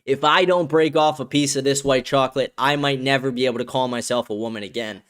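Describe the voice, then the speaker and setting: A man's voice: medium pitch, steady tone, brisk, a bit bright, natural voice. A man mimicking a swooning, smitten young woman. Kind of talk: mocking impression in a livestream.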